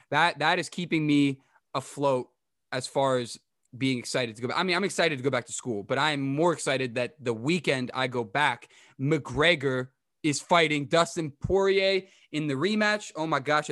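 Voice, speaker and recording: A young adult man hosting a casual sports update to camera, rambling and chatty with quick asides. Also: medium pitch, a bit bright, dry recording, clean studio sound. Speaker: podcast host giving a sports update.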